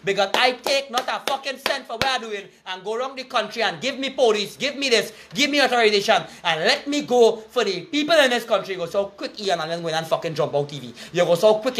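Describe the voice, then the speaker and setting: Trinidadian man, raw profane rant, high sharp tone. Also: a little hiss or hum. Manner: angry, cursing, threatening. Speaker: online commentator.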